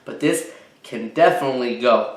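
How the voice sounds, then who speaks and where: A man's voice: mid-range voice, normal speed, voice pushed down, lightly acted. A man voicing an exasperated mother who scolds and bargains with her son, read aloud in a roomy space. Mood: coaxing. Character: exasperated mother sorting her son's toys. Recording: roomy echo.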